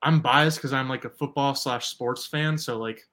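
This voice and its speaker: A man's voice: mid-range voice, steady tone, normal speed, a bit bright. A man co-hosting a podcast, chatting in a laid-back way with many filler words. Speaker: podcast co-host. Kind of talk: casual chat.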